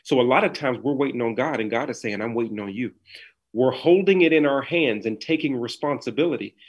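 A man's voice: medium pitch, brisk. Guy on a podcast call, preachy earnest rhythm, small room. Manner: earnest, sermon-like cadence. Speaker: podcast guest, author. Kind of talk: preaching in conversation.

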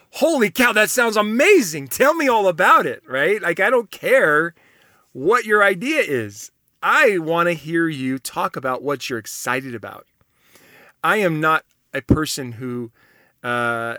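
Lively, bright-voiced man riffing casually. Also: a little high, no room sound, clean studio sound. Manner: enthusiastic, rambling, laughs often. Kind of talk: casual monologue, reading and reacting to test results.

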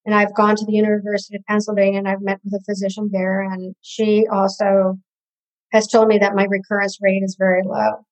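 A woman's voice: medium pitch, monotone, fairly quick, low-quality recording. An older woman, a podcast guest, telling her story hesitantly with many ums. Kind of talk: personal story in an interview.

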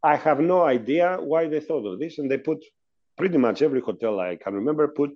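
A man's voice: fairly high pitch, expressive, fairly quick, lo-fi sound. A man telling a casual, chatty story about hotel work over a video call, with laughs between anecdotes.

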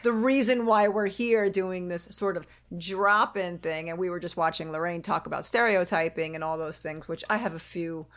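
Animated new york woman in her fifties. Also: lowish voice, moderate pace, few pauses, no room sound. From Queens, New York. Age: 50s. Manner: animated, swears freely. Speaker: podcast host. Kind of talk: casual chat.

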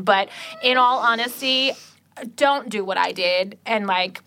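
Podcast co-host, young woman, bright forceful voice, lively storyteller who acts out every quote and swears freely. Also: medium pitch, moderate pace. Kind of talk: casual chat.

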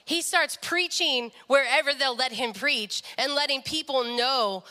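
A woman's voice: high voice, measured pace, sharp tone, smooth, big-room sound. A young woman sharing a personal faith story in an earnest devotional talk, often quoting people in their own voices. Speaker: speaker sharing a testimony.

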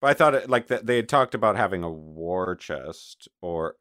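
A man's voice: low-pitched, expressive, normal speed, a bit bright, no room sound, studio quality. A man co-hosting a casual podcast, chiming in with short, laid-back comments and agreement. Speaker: podcast co-host. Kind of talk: casual chat, backchannel agreement.

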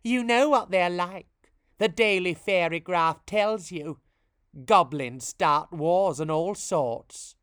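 A storybook reader voicing a shrill, indignant, prejudiced female fairy who shrieks when angry. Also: slow, a bit bright, clean tone, no room sound, clean studio sound. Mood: scornful.

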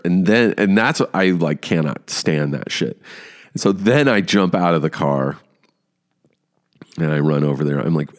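A man hosting a podcast who tells a story on his own in a casual, animated way, swearing often. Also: deep voice, moderate pace. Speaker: podcast host.

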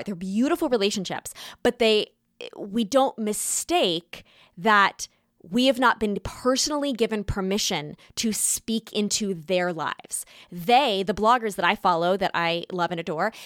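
A woman's voice: medium pitch, moderate pace, no room sound. Earnest woman podcast host, dry mic. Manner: animated, earnest, talks with her hands. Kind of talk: monologue podcast.

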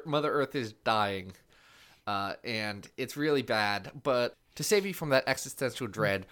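A man's voice: medium pitch, fairly bright tone, clear, resonant tone. A young man co-hosting a casual podcast, rambling and joking at his own expense. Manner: rambling, jokey, self-deprecating. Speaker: podcast co-host.

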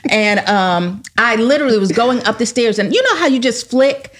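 A woman, a life coach, telling a parenting story with lively acted-out dialogue. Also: fairly high pitch, moderate pace. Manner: animated storyteller, acts out quoted dialogue. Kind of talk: storytelling in podcast conversation.

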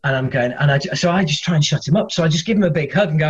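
Comedian guy telling stories, fairly high voice, muffled audio. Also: very fast. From England. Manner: animated, acts out other people's voices. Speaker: guest, comedian and former metal singer. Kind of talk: casual storytelling.

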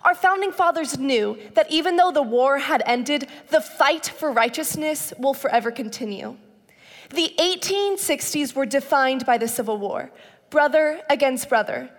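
A woman reciting a prepared speech from a stage in a measured, declamatory way. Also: high-pitched, lively intonation. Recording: long reverb of a big hall.

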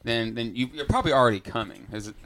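A man's voice: medium pitch, quick pace, over a noisy crowd. A man hosting a beer podcast in laid-back, joking casual chat. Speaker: podcast host.

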